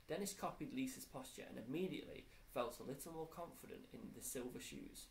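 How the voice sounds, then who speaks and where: Gravelly male teacher reading a story. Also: mid-range voice, animated, fairly quick, hardly any pauses, a little hiss or hum, low-quality recording. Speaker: primary school teacher. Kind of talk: reading a children's book aloud.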